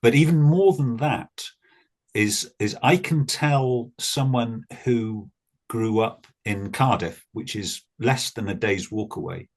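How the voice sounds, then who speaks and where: A man from Wales with a South Welsh accent, a guest in a casual conversation, explaining things in a measured way. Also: mid-range voice.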